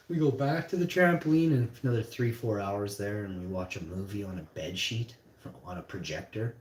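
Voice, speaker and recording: A man's voice: fairly low pitch, fairly quick, hardly any pauses, darkish tone. A young man telling a story in a casual, rambling, profane way. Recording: roomy echo.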